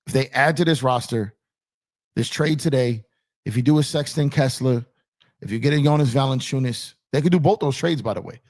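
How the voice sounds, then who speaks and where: Here a man hosts a lively basketball talk show, speaking fairly fast in a mid-range, somewhat mellow voice. Emphatic and repetitive, he addresses his chat directly as "y'all." His on-camera streaming setup sits in a home studio with purple lighting.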